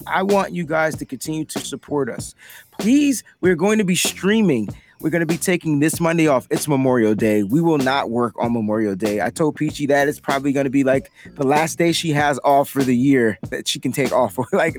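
A young adult man hosting a casual livestream podcast, talking loosely and animatedly, breaking into shouts and laughter. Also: on the high side. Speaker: podcast host.

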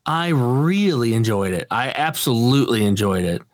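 A man's voice: medium pitch, very animated, moderate pace, dry recording, studio quality. A man co-hosting a podcast in casual chat, laid-back and swearing casually, laughing often. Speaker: podcast co-host.

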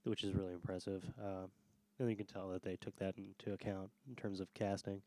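A man's voice: low-pitched, flat delivery, brisk, warm tone. A man co-hosting a casual podcast, often restarting his sentences. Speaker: podcast co-host. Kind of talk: casual chat.

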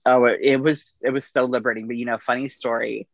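Gravelly-voiced man telling stories. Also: mid-range voice, fast talker, dry recording, highs cut off. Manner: relaxed anecdotal delivery with quoted dialogue. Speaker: podcast guest, army veteran. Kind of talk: casual storytelling.

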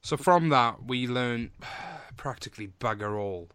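A man's voice: mid-range voice, animated, measured pace, fairly bright tone, clear, resonant tone, no echo. A man hosting a casual radio chat show, teasing his guest and reading out facts in a joking manner. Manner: jokey, teasing, reads facts aloud.

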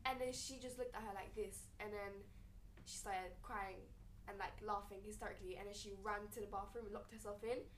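A young woman telling a long story in casual chat, rambling and animated, with many fillers. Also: medium pitch, fairly quick, slight background noise. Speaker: storyteller guest. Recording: echoey room, a little distant.

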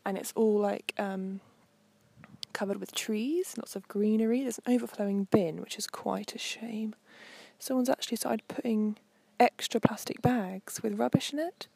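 A young woman talks her listeners through an outdoor coastal walk, her voice soft and breathy. She rambles in a friendly, meandering way, filling pauses with ums, at an ordinary mid pitch. It sounds like a portable mic carried along as she strolls. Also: no room sound. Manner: chatty, meandering, with frequent ums. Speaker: host. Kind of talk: casual narration while walking.

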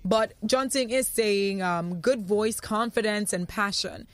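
A woman's voice: mid-range voice, measured pace, no echo. Chatty woman radio host reading comments. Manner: chatty, laughs easily. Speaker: radio talk show host. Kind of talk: reading listener comments on air. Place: radio studio.

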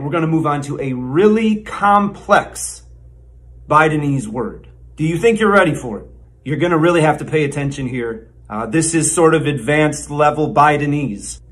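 A man doing a mock lesson for children, slowly spelling out made-up words like a patient teacher. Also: a little high, a bit bright. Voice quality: slow, exaggerated teacher-like enunciation. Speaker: comedy sketch narrator.

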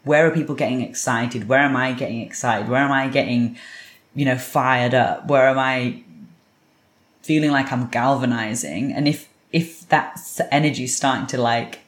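A podcast guest giving thoughtful, steady advice in a casual chat. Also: mid-range voice, normal speed. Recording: roomy echoing sound.

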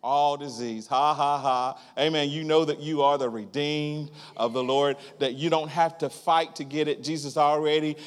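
A man preaching in a church, his voice on the higher side and trailing off into a long reverb. He tells a story and keeps breaking into loud, rhythmic bursts of laughter. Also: fairly even intonation, normal speed, few pauses, smooth. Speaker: guest preacher. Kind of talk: sermon. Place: church sanctuary.

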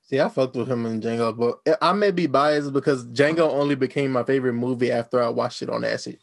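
A man's voice: medium pitch, a little fast, creaky. A man in casual chat, laid-back, with short slangy remarks.

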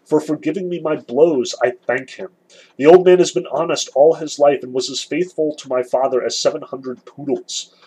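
A man voicing a remorseful young male defendant in court, reading his lines aloud loudly and with passion. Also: fairly high pitch, moderate pace, slightly rough, poor audio. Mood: impassioned. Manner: loud, impassioned reading aloud.

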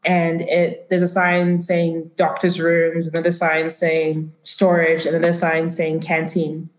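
A woman acts as game master, narrating a tabletop role-playing game in a loose, descriptive manner full of fillers. Her voice sits low and is monotone, at a measured pace. The recording has a roomy echo.

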